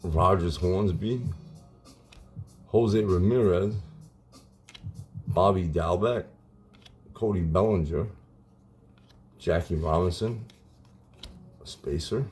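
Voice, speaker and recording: A man in his forties casually chatting while opening card packs on his channel, relaxed and saying "man" a lot. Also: sits low, takes it slowly, pauses often, faint music behind. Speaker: card collecting YouTuber. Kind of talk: casual pack-opening vlog.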